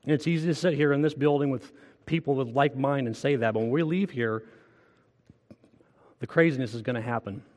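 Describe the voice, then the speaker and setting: A man's voice: mid-range voice, fairly quick, pauses often, a little mellow, in a large hall. A man preaching a sermon as pastor, earnest and conversational, asking the congregation direct questions. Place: church.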